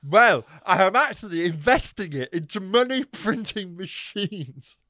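A man's voice: sits high, lively intonation, a little slow, bright, forceful tone, no echo, clean studio sound, pitched above the performer's own voice, heavily acted. A British man putting on a bad American accent to voice a thick, gullible American man who stammers out his requests. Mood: pleading. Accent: bad American put-on.

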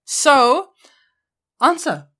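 A woman's voice: high voice, sing-song, extremely slow, sharp tone. A young adult woman co-hosting a podcast, chatting casually in a blunt, playful way. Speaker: podcast co-host. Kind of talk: casual chat.

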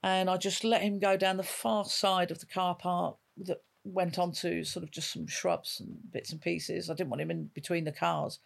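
Gravelly-voiced woman telling a police story. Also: fairly low pitch, flat delivery, normal speed, few pauses. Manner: vivid storyteller who acts out quoted dialogue. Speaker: retired police dog handler, guest. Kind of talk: emotional storytelling in an interview.

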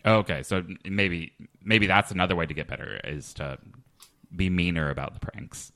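A man hosting a comedy podcast, talking hesitantly with many fillers and a deadpan manner. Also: low voice, moderate pace, no echo. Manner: hesitant, lots of ums and restarts, deadpan. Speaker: podcast host. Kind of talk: casual comedy podcast chat.

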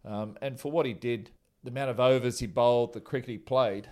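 A man's voice: medium pitch, steady tone, brisk, a little mellow. A man, a former cricketer who tells rambling, chuckling stories about an old teammate in a casual interview.

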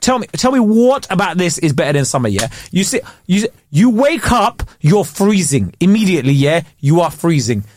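A man's voice: sits high, big pitch swings, moderate pace, few pauses, slight background noise. A man, a comedian hosting a podcast, ranting in casual slangy chat.

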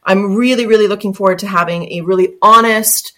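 A woman hosting a podcast, reading an earnest introduction and then chatting with her guest, emphatic and quick to laugh. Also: mid-range voice, fairly even intonation, bright, forceful tone. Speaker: podcast host. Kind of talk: scripted intro then casual interview.

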